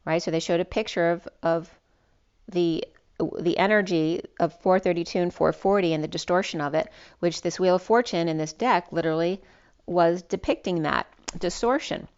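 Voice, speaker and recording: A woman's voice: on the low side, moderate pace, darkish tone, clean tone, muffled recording. A woman giving a spiritual tarot reading as the channel's host. She talks in a rambling way and often restarts her words. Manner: rambling, with frequent restarts and ums. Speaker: tarot reader.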